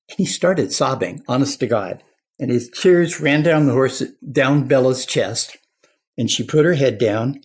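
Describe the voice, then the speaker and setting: A man's voice: medium pitch, unhurried, husky. An older man, a clinical psychologist, telling stories earnestly as a guest in an interview. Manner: earnest anecdotal storyteller. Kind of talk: storytelling interview talk.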